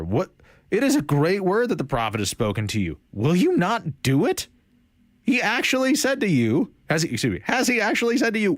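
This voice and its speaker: Animated man teaching Bible study. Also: mid-range voice, no echo, studio quality. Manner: animated, conversational, retells scripture in everyday speech.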